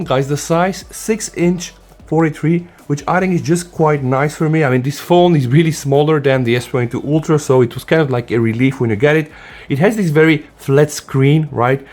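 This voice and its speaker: A man's voice: fairly high pitch, a little mellow. Eager man reviewing a phone. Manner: enthusiastic, often says "guys". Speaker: tech reviewer. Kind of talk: casual unboxing review.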